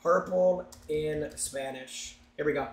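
A young man live-streaming, chatting loudly and excitedly to his viewers while he opens game packs. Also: a little high, slow, reverberant. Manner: excitable, loud, chanting and talking to chat.

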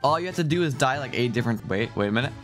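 A man giving excited, jumpy commentary over his own gameplay, laughing often and talking back to the game. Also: mid-range voice, racing, soft background music. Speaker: gaming video host.

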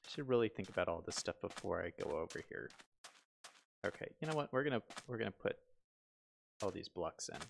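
Playing a building game on a live stream, a low-pitched man chats casually, quizzing himself and reading out viewer comments. He's animated and brisk, with a creaky voice and frequent pauses, and there's a little hiss or hum in the audio.

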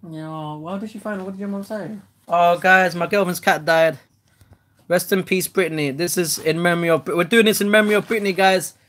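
A woman hosting a casual home unboxing vlog, chatty and excitable, who swears loudly when let down. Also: on the low side, a little fast. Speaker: host.

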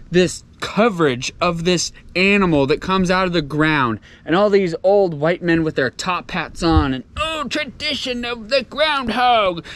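A man from Tennessee, vlogging casually outdoors in a farmyard while he does chores, ranting and sarcastic. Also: sits high. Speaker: homestead vlogger. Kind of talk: casual vlog.

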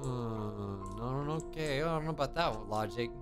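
A man's voice: medium pitch, normal speed. A man giving playful, joking commentary while playing a video game. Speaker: gaming video host. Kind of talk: let's play commentary. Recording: game music behind.

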